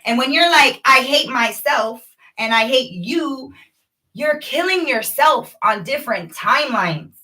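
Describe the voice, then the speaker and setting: A woman vlogging a rambling, preachy spiritual monologue to her viewers, animated and addressing them directly. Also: high-pitched, unhurried, recorded from a distance, rough recording.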